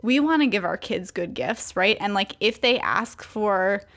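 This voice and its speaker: Brief: young woman, faith coach, loose chatty delivery, mid-pitched voice. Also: lively intonation, a little slow, fairly bright tone. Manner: chatty, many fillers and restarts. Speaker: Christian coach. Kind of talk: casual devotional talk to women.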